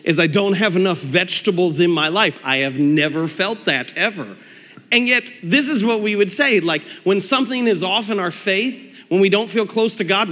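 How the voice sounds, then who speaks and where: A man preaching a sermon as pastor, telling stories in a conversational, animated way with quick laughs and acted-out asides. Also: high-pitched, in a large hall.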